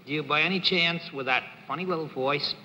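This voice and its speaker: A man's voice: on the high side, fairly quick, sharp tone, slight background noise. A man on a game show panel asking wry, joking questions, heard on an old TV broadcast recording. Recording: echoey 1950s TV broadcast recording.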